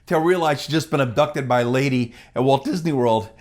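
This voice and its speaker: A man giving a storytelling speech at a gala, animated and acting out the quoted dialogue of others. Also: mid-range voice, brisk. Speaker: gala speaker.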